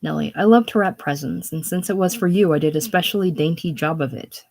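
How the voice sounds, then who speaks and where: A woman's voice: sits low, brisk, gravelly, darkish tone. A woman reading the part of an eager, gushing young girl, chatty and effusive. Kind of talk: casual play reading.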